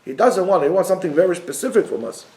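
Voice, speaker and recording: A man's voice: high voice, fast, a little mellow, a little hiss or hum. A man teaching a Torah class, speaking emphatically and repeating key phrases for stress. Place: classroom in a basement yeshiva. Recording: echoey room.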